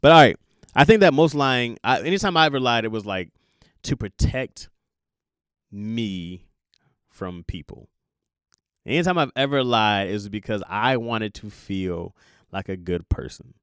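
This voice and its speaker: A man's voice: lowish voice, a little slow, long pauses, clean tone, no echo. Young guy podcasting, jokey and self-mocking, voice jumps all over, dry close sound. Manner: animated, jokey, laughs at himself. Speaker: podcast host. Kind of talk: casual confessional monologue.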